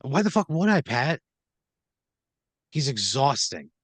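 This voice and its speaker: A man's voice: mid-range voice, big pitch swings, takes it slowly, fairly bright tone, breathy edge, dry recording. A man on a comedy podcast reacting with grumpy, exasperated, profane pushback. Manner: grumpy, exasperated, swears a lot. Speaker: podcast co-host. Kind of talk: comedic banter.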